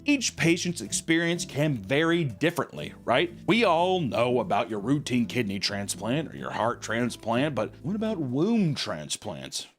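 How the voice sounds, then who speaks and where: Animated young man, crude and jokey. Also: on the high side. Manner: animated, crude joking, breaks into laughter, does silly voices. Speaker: podcast host. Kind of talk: casual comedic podcast chat, reading out odd facts.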